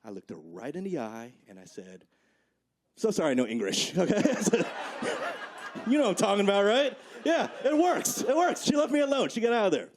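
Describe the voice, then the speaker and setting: High-voiced man doing stand-up. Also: very animated, fast talker, few pauses, a little hiss or hum. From Midwest of the US. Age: 40s. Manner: conversational, peppered with "right?" and "okay?" tags. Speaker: stand-up comedian. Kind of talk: stand-up comedy set. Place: comedy club stage. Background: audience laughter.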